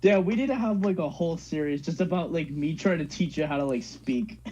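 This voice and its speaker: Teen guy, podcast co-host, teasing, rambling, lively swooping pitch, dull lo-fi sound. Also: brisk, a little hiss or hum. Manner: teasing, rambling with many "like" fillers. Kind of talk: casual chat.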